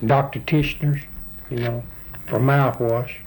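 A man's voice: medium pitch, fairly even intonation, slow, background noise. An older man, chatting casually as the interviewee in a folksy, rambling, plainspoken way. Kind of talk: casual chat.

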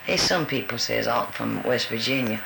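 A man's voice: mid-range voice, big pitch swings, normal speed, creaky. An older man answering interview questions in a folksy, easygoing way, calling the interviewer honey. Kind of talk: answering a word-list interview. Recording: roomy recording with background hiss.

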